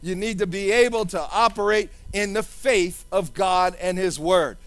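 A man with a notably high voice preaches a sermon in a fervent, sing-song style, punctuating his points with hallelujahs. The recording is dry and close, with little room sound around him. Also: normal speed, fairly bright tone, no room sound, soft background music.

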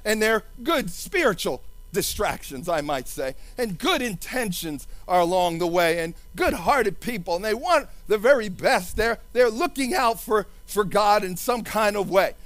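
Fervent high-voiced male preacher. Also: animated, measured pace, few pauses, fairly bright tone, no echo, soft background music. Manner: fervent, sing-song preaching with repeated hallelujahs. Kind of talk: sermon.

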